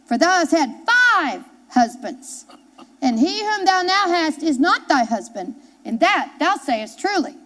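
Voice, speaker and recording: A woman's voice: very high voice, very animated, unhurried, fairly bright tone. A woman pastor preaching a sermon, reading scripture aloud and driving points home with repetition and questions to the congregation. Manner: emphatic, repeats key phrases, asks the congregation questions.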